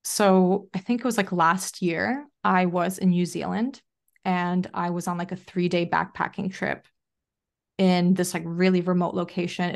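A young adult woman, a podcast guest, telling a personal story in a chatty way, full of "like" fillers. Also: fairly low pitch. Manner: chatty, frequent "like" fillers, animated retelling. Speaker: podcast guest, self-leadership coach. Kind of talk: casual interview storytelling.

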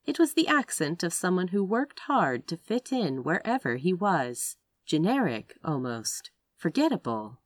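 A woman reading a romance story aloud as narrator, with expressive delivery. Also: a little slow, few pauses, no room sound. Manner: expressive narration with wide pitch swings. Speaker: audiobook narrator.

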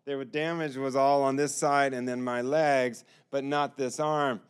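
A man's voice: medium pitch, little pitch movement, a little slow, clear, resonant tone. Earnest man telling his testimony. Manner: earnest storytelling, acts out other people's lines. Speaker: testimony speaker. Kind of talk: personal testimony.

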